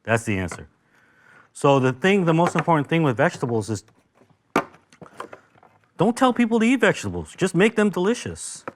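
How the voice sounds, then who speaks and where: A man's voice: fairly high pitch, big pitch swings, normal speed, long pauses, slight background noise. An American man from Los Angeles teaching a casual cooking lesson, talkative and enthusiastic, full of asides. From Los Angeles, United States. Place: kitchen with grill.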